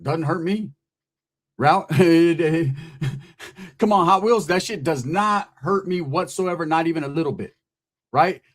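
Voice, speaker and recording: High-voiced man roasting a rival. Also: takes it slowly, pauses often. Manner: profane, taunting, street slang. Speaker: channel host. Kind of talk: mocking roast rant to camera.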